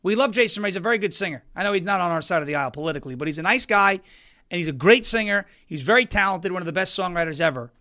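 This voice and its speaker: A male political talk host with a very high, bright, cutting voice. He delivers sarcastic, mocking commentary and keeps breaking into exaggerated put-on quotes. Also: animated, rapid-fire.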